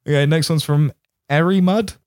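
A man hosting a film podcast in casual chat, laid-back and quick to laugh. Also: mid-range voice, dry recording. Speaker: podcast host.

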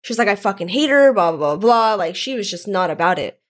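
A woman's voice: mid-range voice, expressive, fairly quick. Candid rambling young woman telling a story. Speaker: guest telling her story. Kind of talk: casual podcast chat.

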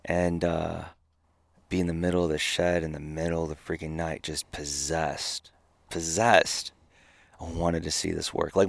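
A man, a podcast guest telling an animated story and swearing now and then. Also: low voice, vocal fry, dry recording. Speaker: podcast guest, company founder. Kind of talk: storytelling in a casual interview.

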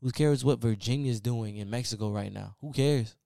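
On his own podcast, a man delivers a casual, preachy motivational solo rant, repeating "man" and "y'all" again and again. His mid-range voice moves at normal speed with vocal fry and a warm tone, in dry, echo-free studio-quality audio.

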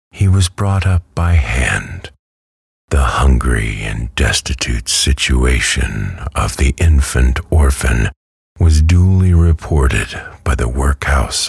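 A man narrating a classic novel as a bedtime story in a calm, soothing way. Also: rumbling low, gravelly, breathy edge, no echo, studio quality. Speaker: audiobook narrator.

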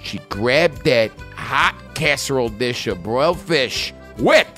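A brassy, foul-mouthed Jersey woman spins a holiday disaster story in a thick put-on New Jersey accent, as a man puts her on. Her pitch swoops widely, and faint music plays underneath. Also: lively intonation, slow pace, pushed and bright. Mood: brash. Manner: crude, boisterous, joking asides. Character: brash middle-aged Jersey woman storyteller. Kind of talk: comic reading of a listener's story.

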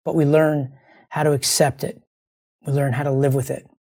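A man hosts his show through fresh grief, holding back tears. His voice is mellow and dark, with a husky, gravelly fry. He rambles earnestly and circles back to the same phrases. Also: on the high side, level tone, normal speed. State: grieving, close to tears. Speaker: show host. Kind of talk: heartfelt monologue to listeners.

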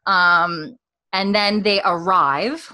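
A woman co-hosting a podcast, recapping a TV episode in a loose, chatty way full of "like" and fillers, talking from a warm room indoors. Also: mid-range voice, drawn-out words. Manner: chatty, filler-heavy with frequent "like". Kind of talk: casual chat recapping a TV episode.

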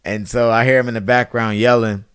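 A man's voice: medium pitch, little pitch movement, brisk, fairly bright tone, clear, resonant tone, no echo, clean studio sound. A man in his thirties in casual conversation, telling a story with animation and acting out quotes in a raised voice. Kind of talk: casual chat.

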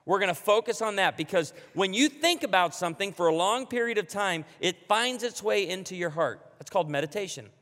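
A man preaching a sermon to a congregation, animated and emphatic, joking along the way. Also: high voice, fairly quick, few pauses, in a large hall. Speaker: pastor.

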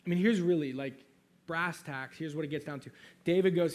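A man's voice: fairly high pitch, brisk, a little mellow. A pastor giving a sermon in a casual, conversational way, with frequent asides to his listeners.

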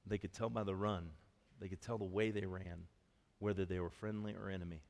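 Lively storytelling pastor in a reverberant hall. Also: male voice, low voice, vocal fry. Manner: storytelling, animated and conversational, quick asides. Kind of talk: sermon. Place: church hall.

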